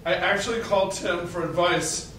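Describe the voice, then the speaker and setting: A man in his forties with a high, bright, forceful voice tells an animated personal story on stage and laughs along with it. He is heard from some distance in a very echoey hall. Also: normal speed, slight background noise. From Arkansas, USA. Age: 40s.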